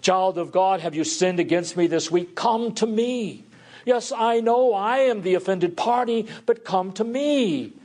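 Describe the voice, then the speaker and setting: A tender, pleading God calls sinners home in a raised, earnest voice, as a preacher puts him on. The delivery is heartfelt and urgent, lifted well above an ordinary speaking pitch. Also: male voice, measured pace, darkish tone.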